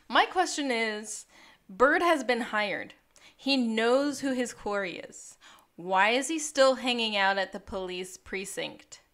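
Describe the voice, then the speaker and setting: Giggly high-voiced woman chatting. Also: slow pace. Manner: giggly, animated, laughs often. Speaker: podcast co-host. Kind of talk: casual recap chat.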